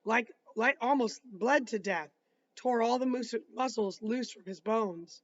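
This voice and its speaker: A man reading aloud, voicing an older minister explaining quietly and haltingly. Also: very high-pitched, muffled recording. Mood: hushed. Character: hushed older male minister.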